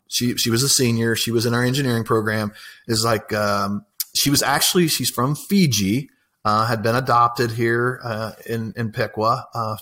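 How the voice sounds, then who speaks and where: A man's voice: fairly low pitch, fairly bright tone. A man, an apprenticeship coordinator telling stories in a casual, enthusiastic interview, rambling with many fillers.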